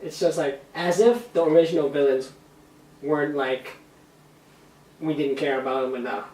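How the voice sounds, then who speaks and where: A man's voice: a little high, normal speed, a little mellow. Laid-back young man chuckling along. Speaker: podcast co-host. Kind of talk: casual movie discussion. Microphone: camera mic. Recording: roomy, distant camera mic.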